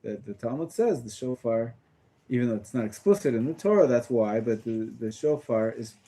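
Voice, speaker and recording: A man teaching a small class as a rabbi, talking casually about a text with halting phrasing, many fillers and restarts. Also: mid-range voice, animated, dark tone.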